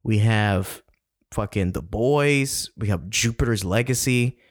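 A man's voice: on the low side, slow pace, dry recording, clean studio sound. A man co-hosting a podcast in casual chat, rambling, cursing and laughing often. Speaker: podcast co-host.

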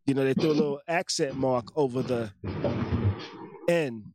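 A man's voice: mid-range voice, normal speed, heavy background noise. A man co-hosting a casual podcast, joking loosely and reading chat messages and statements aloud. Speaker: podcast co-host.

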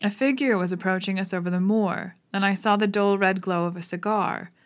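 Woman reading a story aloud, measured. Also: medium pitch, steady tone. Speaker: audiobook reader. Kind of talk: scripted narration of a classic detective novel.

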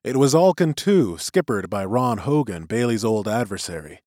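A man narrating a chapter of a novel in an expressive storytelling voice. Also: fairly low pitch, moderate pace, no echo, clean studio sound. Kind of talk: audiobook narration.

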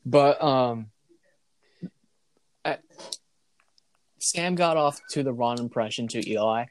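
Casual podcast host, male, average pitch, relaxed delivery that pulls the chat back on topic. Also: slow pace. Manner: easygoing, steers the conversation back on topic.

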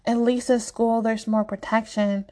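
A woman's voice: on the high side, little pitch movement, a little slow, mellow, close to an everyday voice. A woman voicing a shaken but stubborn young man mage who insists on staying to fight. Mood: earnest. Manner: earnest, insistent.

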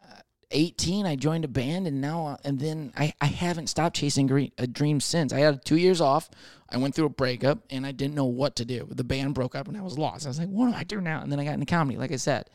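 A man's voice: mid-range voice, a little fast, a little mellow, no echo, clean studio sound. A man in his twenties telling a rambling, profane comic monologue with lots of restarts. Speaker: comedian.

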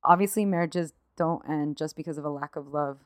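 A woman's voice: low-pitched, brisk, dry recording, studio quality. A woman co-hosting a podcast, telling a story from notes in casual chat, laughing and swearing freely. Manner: emotional, swears freely, laughs through tears. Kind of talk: casual chat, partly read narration.

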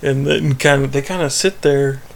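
A man's voice: mid-range voice, normal speed, vocal fry. A man co-hosting a podcast, chatting casually as he recaps a TV episode, rambling, laughing and acting out quoted lines. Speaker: podcast co-host.

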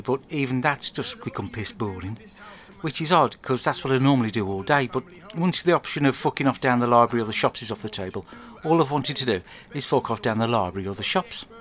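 A man's voice: mid-range voice, a bit bright. Blunt, crude man telling stories. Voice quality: crude, blunt, rambling storyteller. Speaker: comic monologue narrator. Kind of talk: deadpan comic video diary.

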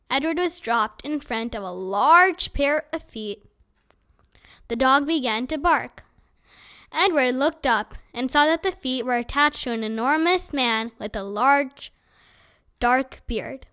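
A woman reading a children's chapter book aloud in a clear, expressive storytelling manner. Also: sits high.

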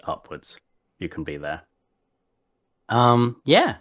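A man's voice: on the low side, huge pitch swings, slow pace, a bit bright. A man chatting casually as a podcast co-host and tabletop player, rambling with many fillers and restarts. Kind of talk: casual chat.

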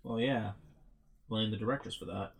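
A man's voice: on the low side, moderate pace, creaky, slightly rough. A young man co-hosting a podcast, chatting casually and opinionated, swearing freely. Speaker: podcast co-host. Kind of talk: casual chat.

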